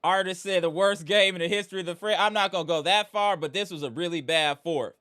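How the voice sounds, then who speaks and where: A man's voice: sits high, fast talker, sharp tone, clear, resonant tone. A man hosting a live sports fan stream, greeting viewers by name and venting about his team's loss. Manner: hype, greets chat by name, frustrated. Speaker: livestream host.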